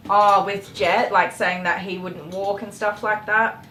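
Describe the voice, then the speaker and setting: A woman's voice: steady tone, a little slow, fairly bright tone. A woman hosting a casual livestream and answering viewer questions in a chatty, openly emotional way, with frequent ums. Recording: echoey room with faint rumble.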